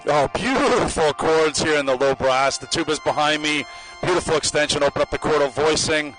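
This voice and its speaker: A man giving running spoken commentary as a marching band judge outdoors on the field, appraising the players with quick bursts of praise. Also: on the high side, faint music behind, poor audio. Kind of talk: live judging commentary over a performance. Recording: live brass band loud behind.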